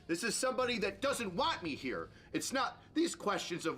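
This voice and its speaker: A man's voice: high-pitched, sing-song, normal speed, pushed and bright, breathy edge. A man giving sarcastic, mocking reaction commentary on a video as a streamer, ranting as he goes.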